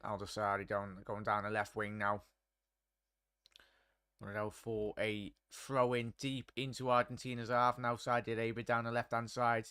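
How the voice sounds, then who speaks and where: Reading chat aloud while casually commentating a live match, this young watchalong host is chatty and laddish. His lowish voice is smooth and sharp-toned, with a flat delivery at normal speed, captured in a clean studio recording with no room sound.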